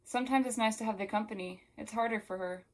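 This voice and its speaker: A woman reading aloud as a gentle alien woman inside a human body, talking calmly and wistfully. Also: medium pitch, fast, close to an everyday voice.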